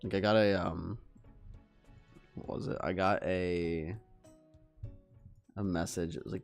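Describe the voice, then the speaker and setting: A man's voice: low-pitched, unhurried, vocal fry, pauses often. A man streaming a game, chatting loosely with viewers, swearing freely and telling rambling stories. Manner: chats with viewers between fights. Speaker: livestreaming gamer. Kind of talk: casual live-stream chat. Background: game music.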